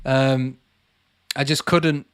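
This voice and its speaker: A man's voice: medium pitch, steady tone, very slow, clear, resonant tone, no echo, studio quality. A man hosting a casual livestream, reading out viewers' comments and chatting back to them. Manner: chatty, calls viewers mate, reads comments aloud. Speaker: channel host answering live chat.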